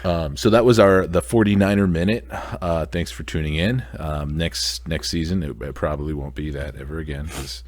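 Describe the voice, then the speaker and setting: A man's voice: very deep voice, moderate pace, hardly any pauses. A man hosting a podcast, chatting casually in a laid-back, teasing way and chuckling often. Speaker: podcast host. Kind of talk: casual chat.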